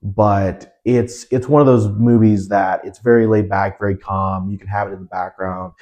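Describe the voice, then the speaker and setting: A young male podcast co-host with a somewhat low voice. He chats casually and rambles, looping through fillers and false starts as he thinks aloud. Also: fairly even intonation, moderate pace, a little mellow, muffled recording. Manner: rambling, lots of fillers and restarts. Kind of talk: casual chat.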